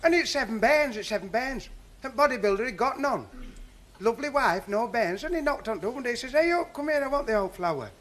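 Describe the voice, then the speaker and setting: A man's voice: extremely high pitch, expressive, quick pace, fairly bright tone. A man with a Northern English accent telling stand-up jokes in a chatty, folksy dialect before a live audience. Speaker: stand-up comedian.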